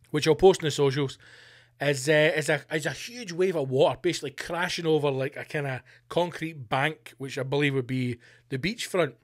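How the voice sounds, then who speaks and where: Man, podcast host, jokey sweary banter, fairly high voice, dry close sound. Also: dry recording. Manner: sweary, jokey banter while reading a news story aloud. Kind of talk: casual comedy podcast chat. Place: home studio.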